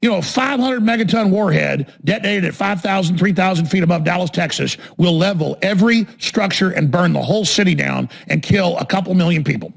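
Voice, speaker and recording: Man, talk radio host, high-pitched, gravelly, combative rant, repetitive emphasis, shouty. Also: brisk, few pauses. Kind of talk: ranting political monologue.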